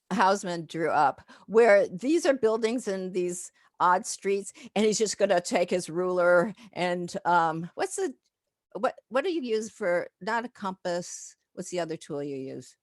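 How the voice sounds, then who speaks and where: A woman's voice: on the low side, animated, a little slow, no echo. Chatty older woman lecturing, dry sound. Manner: chatty, digressive, many fillers and laughs. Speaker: professor giving a lecture. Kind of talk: informal lecture with slides.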